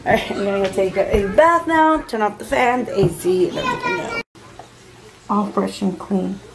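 A woman's voice: medium pitch, moderate pace. A young woman chatting casually to her camera, narrating her chores and her kids' routine at home, dropping in Spanish words to her kids. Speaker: family vlogger. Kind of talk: casual vlog chat. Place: family home, indoors. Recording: home video with steady background noise.

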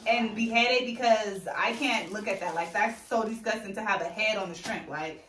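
A woman's voice: medium pitch, moderate pace, a bit bright, distant mic. A woman hosting her family's vlog, chatting casually and directing her kids during a meal at home. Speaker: family channel host. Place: home living room, eating on the floor. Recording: roomy echo from a camera across the room, faint noise.

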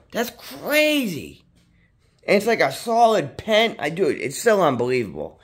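Rambling, excitable man telling a story. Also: on the high side, measured pace, slightly rough. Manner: rambling and profane, full of "dude" and "you know what I mean"; excitable, voice jumps up when worked up. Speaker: vlogger. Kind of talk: casual storytelling to camera.

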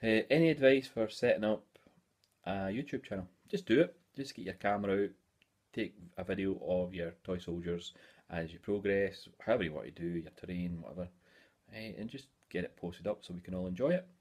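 A Scottish man in his forties talks casually to camera in a hobby vlog. His voice sits very low, and he rambles along with plenty of "eh" fillers. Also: brisk, darkish tone. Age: 40s. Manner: chatty and rambling, many "eh" fillers. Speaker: hobby YouTuber.

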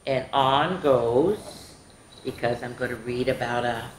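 A woman reading picture books aloud to young children in a playful, animated way, speaking to them directly. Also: very deep voice, slow pace, background noise. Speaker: children's storytime reader. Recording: echoey room.

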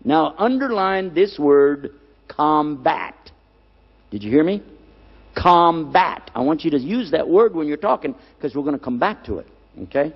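An older man preaching a lecture, animated, putting questions to the audience and repeating key words. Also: on the high side, normal speed, slightly rough, in a large hall, dull audio. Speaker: Islamic preacher.

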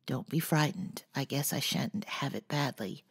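A woman voicing a gentle, shy teenage girl who speaks softly and mildly, in an audiobook. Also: extremely low pitch, lively intonation, measured pace, creaky, breathy edge, exaggerated voice. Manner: soft, quiet and mild.

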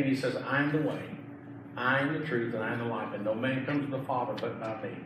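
A middle-aged man, a pastor, preaching an emphatic sermon with repeated phrases. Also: medium pitch. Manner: emphatic, repetitive preaching with rising intensity. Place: church sanctuary. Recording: echoey church from far off, noisy.

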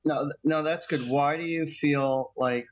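A man's voice: on the high side, steady tone, a little slow, lo-fi sound, crowd noise. A man co-hosting a psychic radio show, chatting in a playful, joking, rambling way. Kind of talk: casual radio chat.

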